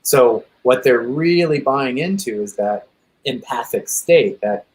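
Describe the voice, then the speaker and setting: A man hosting a podcast, talking through ideas in a relaxed conversational way, searching for words and repeating phrases as he thinks. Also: mid-range voice, measured pace, rough recording. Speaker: podcast host. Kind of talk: casual conversation.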